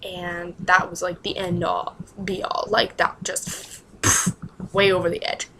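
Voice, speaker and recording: A woman's voice: on the low side, flat delivery, a little slow, sharp tone, slight background noise, poor audio. A young woman telling a personal story to camera in a casual, rambling way, with lots of "like" and exasperated asides. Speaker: vlogger.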